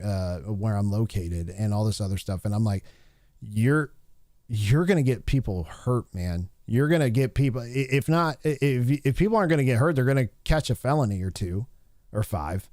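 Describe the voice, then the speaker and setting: A man's voice: mid-range voice, darkish tone, no echo, studio quality. A man giving blunt, profane opinion commentary on a livestream, rambling with many restarts.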